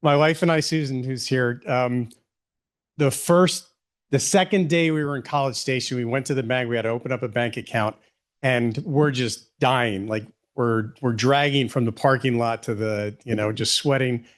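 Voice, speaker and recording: A middle-aged man giving a public history lecture, relaxed and conversational with many ums and rhetorical questions. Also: mid-range voice, normal speed.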